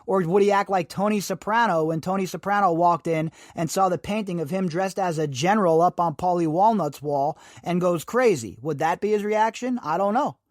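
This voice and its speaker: A man's voice: high voice, moderate pace, few pauses, no echo, clean studio sound. A man hosting a podcast, giving emphatic, sarcastic commentary full of rhetorical questions. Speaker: podcast host. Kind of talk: opinionated commentary.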